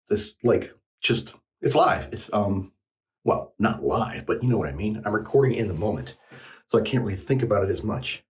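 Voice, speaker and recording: A man with a fairly low voice talks his way through a shave as he films it. He rambles and thinks out loud, pokes fun at his own mistakes, and sounds a little out of breath. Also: low-quality recording. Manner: rambling, self-deprecating, thinking aloud. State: slightly out of breath. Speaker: shaving vlogger. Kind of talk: casual talk while shaving on camera.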